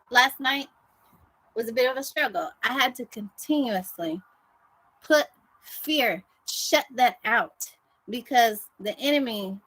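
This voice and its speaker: Woman preaching a devotional talk, bright forceful voice, fervent and chatty, repeats stuff for emphasis. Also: fairly high pitch, poor audio. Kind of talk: devotional sermon.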